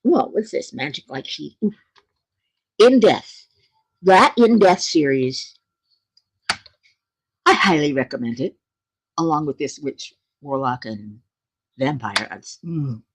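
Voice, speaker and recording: A woman's voice: sits low, expressive, takes it slowly, pauses often, husky. A woman hosting her own channel, chatting casually with viewers, laughing often in a playful way. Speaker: channel host.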